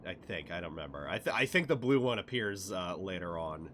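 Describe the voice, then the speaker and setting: Excitable, profane man streaming a game. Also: low voice, fairly quick, a little hiss or hum. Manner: profane, excitable, laughing often. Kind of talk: casual gameplay commentary.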